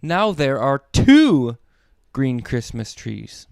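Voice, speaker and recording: Man, dad reading kids' books, playful sing-song read-aloud, slow and lively, dry close sound. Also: mid-range voice, creaky, smooth, no room sound. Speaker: children's book reader. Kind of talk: read-aloud storytelling for kids.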